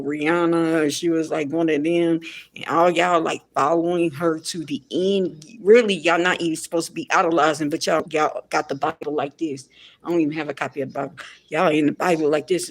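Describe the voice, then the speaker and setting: A woman with a gravelly, fry-laden voice delivers casual pop culture commentary. She talks bluntly, circles back on her points and sounds exasperated. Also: sits low.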